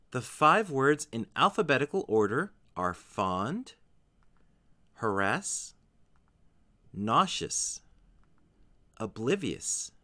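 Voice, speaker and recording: A man teaching English vocabulary in a scripted lesson, saying each example word slowly and carefully. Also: mid-range voice, sharp tone. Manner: slow, careful pronunciation of example words.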